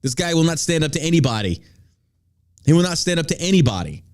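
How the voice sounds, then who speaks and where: A man's voice: fairly high pitch, big pitch swings, quick pace. A man hosting a podcast, ranting through political commentary in a heated, profane way. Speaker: podcast host.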